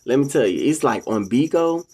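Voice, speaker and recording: A casual monologue from a vlogger speaking straight to viewers. The delivery is preachy and sermon-like, with repeated calls to ladies and gentlemen. Quoted voices are acted out higher and louder. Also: animated, moderate pace, breathy edge. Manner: acts out quoted people in a raised voice.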